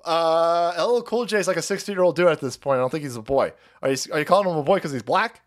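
A man's voice: a little high, quick pace. A man hosting a stream, ranting profanely and mockingly as he reacts to clips. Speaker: stream host.

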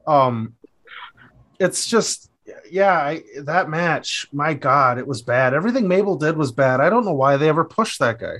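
Crude, animated man from Minnesota. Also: fairly high pitch, moderate pace. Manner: crude, animated storytelling with laughs. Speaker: podcast co-host. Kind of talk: casual chat.

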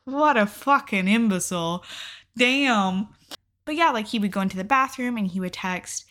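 A woman's voice: mid-range voice, lively intonation, moderate pace, fairly bright tone. A young adult woman vlogger telling a personal story in a casual, candid way, swearing freely and filling her talk with "like.". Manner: candid and profane, with frequent "like" and laughs.

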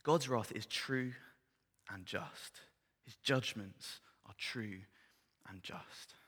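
A man delivering a sermon in a bright, ringing voice that rises to loud, passionate climaxes. He drops to hushed, almost whispered tones when reading scripture. His words trail off into the long reverb of a large hall. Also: lowish voice, takes it slowly, slightly rough. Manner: swings from loud impassioned build-ups to hushed, near-whispered scripture reading. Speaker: preacher. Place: church hall.

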